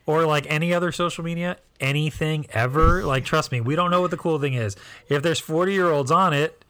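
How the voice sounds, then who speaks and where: A man's voice: a little high, a little fast, fairly bright tone. A man co-hosting a podcast, joking around in casual, profane banter. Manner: jokey, profane, goofy bits. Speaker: podcast co-host. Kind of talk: casual chat.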